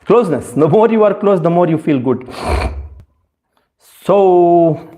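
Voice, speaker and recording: His voice sits high and sounds warm and animated, though he speaks slowly. The man, a spiritual speaker, offers a devotional talk, reaching for words through many fillers and raising rhetorical questions with growing emphasis.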